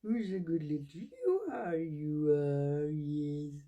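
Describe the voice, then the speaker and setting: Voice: mid-range voice, animated, slow, warm tone, highs cut off. A voice actor playing a doting old woman who talks in sing-song baby talk to a chicken. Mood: cooing.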